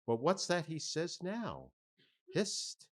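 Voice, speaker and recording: A man's voice: on the high side, sing-song, slow pace, voice pushed up, heavily acted. A man voicing a jovial middle-aged sailor who muses aloud with folksy asides. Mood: musing.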